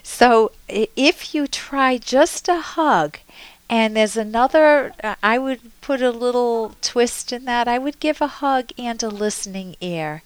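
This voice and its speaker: Smooth-voiced woman radio advice host. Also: fairly high pitch, animated, a little slow, no room sound, rough recording. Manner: coaching, role-plays dialogue with caller. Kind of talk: call-in advice show.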